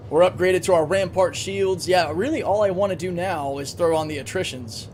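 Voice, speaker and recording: A man's voice: high-pitched, moderate pace, a little mellow, a little hiss or hum. A man live-streaming a game, chatting casually, thinking aloud and answering chat, with a recurring cough.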